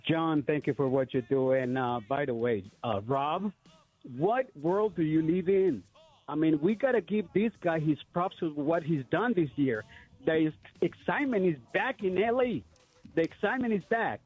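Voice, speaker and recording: A man calling in to a sports radio show, warm and enthusiastic. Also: a little high, moderate pace, soft background music. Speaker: caller. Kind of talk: call-in radio talk. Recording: dull lo-fi phone audio.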